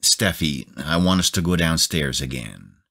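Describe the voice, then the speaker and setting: A calm husband and father, read by a man in a very deep voice. He speaks slowly and quietly, steadying his family. A plain storybook figure. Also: gravelly, heavily acted. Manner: quiet, reassuring.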